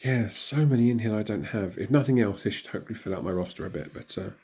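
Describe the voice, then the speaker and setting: A hoarse man, still recovering from illness, casually commenting and muttering reactions as he opens in-game crystals. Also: fairly low pitch, fast, mellow. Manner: chatty, mutters reactions to himself. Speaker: gaming channel host.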